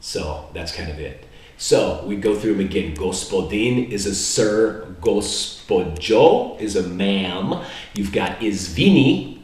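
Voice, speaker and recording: A man from the United States giving a casual, rambling vlog lesson on basic phrases, slowing down to spell out foreign words. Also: sits low, expressive, darkish tone. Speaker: language learner teaching basic phrases. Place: indoor room in Serbia. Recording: very echoey room, mic far off.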